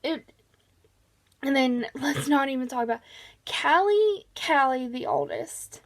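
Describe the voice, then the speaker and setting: A woman with a high voice talks through a book review at an easy, unhurried pace. She is chatty and informal, with lots of "um"s and restarts. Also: big pitch swings, gravelly. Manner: chatty, many fillers and restarts. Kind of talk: casual book review vlog.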